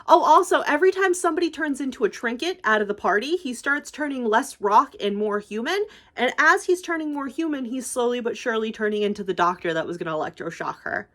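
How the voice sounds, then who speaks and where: A woman's voice: on the high side, lively intonation, fast, a bit bright. A young woman YouTuber casually recapping a movie, rambling and gushing, swearing freely and filling with "like".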